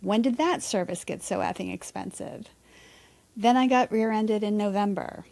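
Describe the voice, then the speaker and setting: A woman's voice: medium pitch, moderate pace, gravelly, a little mellow. A woman hosting a reflective solo podcast, talking candidly and conversationally with a bit of mild swearing. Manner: candid, conversational, mildly profane. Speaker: podcast host.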